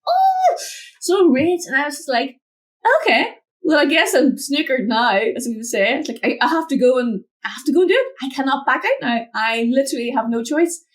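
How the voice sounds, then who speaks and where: A woman mentor, a guest in an interview, telling a personal story from her home office over a video call, acting out the voices in it. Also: a little fast. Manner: animated, acts out quotes with big pitch jumps.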